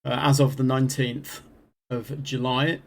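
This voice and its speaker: A man's voice: mid-range voice, little pitch movement, measured pace, slight background noise. A young British man co-hosting a podcast, chatting casually with dry, wry remarks. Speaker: podcast co-host. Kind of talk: casual chat.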